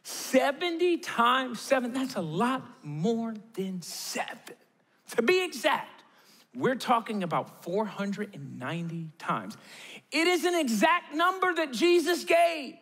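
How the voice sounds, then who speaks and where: A man's voice: very high-pitched, sing-song, takes it slowly, fairly bright tone, in a large hall. A man preaching a sermon in a conversational way, with joking asides and quotes he acts out. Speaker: pastor.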